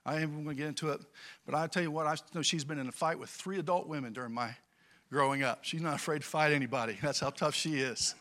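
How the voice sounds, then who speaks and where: A middle-aged man from California preaching a sermon and telling a childhood story, swinging from quiet to loud as he goes. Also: a little high, steady tone, fast talker. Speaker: pastor.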